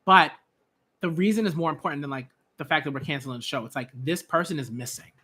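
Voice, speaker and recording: A man with a fairly high, bright voice gives a live manga reaction. He gushes excitedly and packs his talk with fillers. His voice has a tense, sharp edge. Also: quick pace, slightly rough. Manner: excitable, filler-heavy, gushing.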